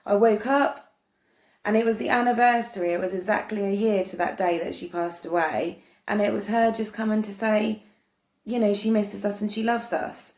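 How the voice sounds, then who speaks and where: A woman's voice: mid-range voice, steady tone, moderate pace, darkish tone. A woman earnestly explaining spiritual ideas to camera in a casual, meandering way, often restarting her sentences. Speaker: spiritual vlogger. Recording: roomy echo.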